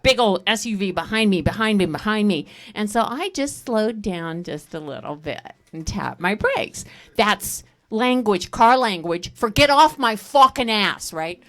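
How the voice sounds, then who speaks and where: A middle-aged woman doing a stand-up comedy set on a stage, telling animated stories and breaking into laughter. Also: medium pitch, normal speed. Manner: animated storytelling with bursts of laughter. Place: comedy stage at a live fundraiser.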